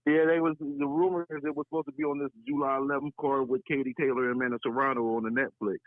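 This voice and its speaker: A man's voice: medium pitch, steady tone, quick pace, no echo. A man calling into a boxing talk show, chatting in a laid-back, easygoing way. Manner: laid-back, chatty, calls host "Coach". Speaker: caller. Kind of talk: casual call-in boxing talk. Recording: tinny phone line.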